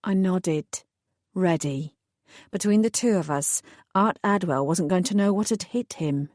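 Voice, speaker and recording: Mellow woman narrating an audiobook. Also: fairly low pitch, a little slow, dry recording, clean studio sound. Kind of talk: first-person audiobook narration.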